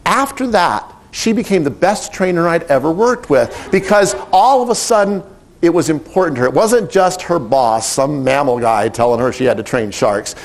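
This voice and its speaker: A middle-aged man who directs animal training, telling a story in a lively, animated way and acting out the quotes. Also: on the high side, moderate pace. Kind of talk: storytelling talk.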